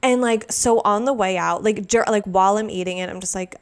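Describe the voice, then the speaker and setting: A woman hosting a solo podcast, venting in a loose, exasperated rant. She swears freely and talks in an animated, chatty way, with a mid-range voice. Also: medium pitch, fairly quick, few pauses. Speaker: podcast host.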